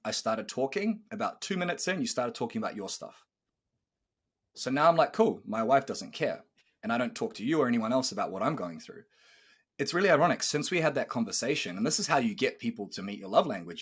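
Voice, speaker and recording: A coach in his thirties hosts a relaxed podcast in a slightly rough, mid-range voice. He's an energetic storyteller who acts out the dialogue he quotes and swears.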